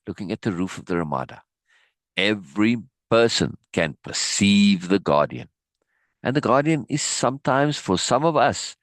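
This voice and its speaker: A man teaching, reading a book passage aloud and breaking off with animated, laughing asides and restarts. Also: fairly low pitch, no room sound.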